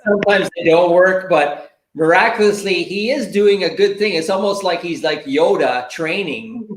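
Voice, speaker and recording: A man's voice: high voice, normal speed, roomy sound, poor audio. A man co-hosting a casual live show chat, rambling in a laid-back way and laughing often. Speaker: show co-host.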